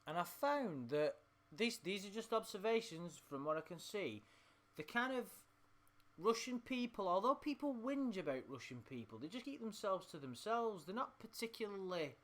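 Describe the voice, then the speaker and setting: English man, bright forceful voice, rambling sweary rant, mocking commentary. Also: high voice, big pitch swings, unhurried. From England. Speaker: commentator reading chat logs. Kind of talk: casual reading and ranting commentary.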